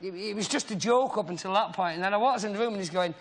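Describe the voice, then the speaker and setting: A man's voice: high voice, quick pace. A man guest on a chat show, telling rambling comic anecdotes with acted-out quotes. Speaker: comedian guest. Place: TV studio with live audience.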